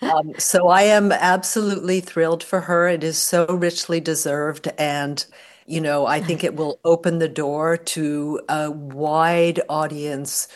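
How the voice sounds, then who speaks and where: A woman's voice: low-pitched, fairly even intonation, measured pace. An older woman professor, a guest on a radio interview, answering in a thoughtful, articulate academic manner.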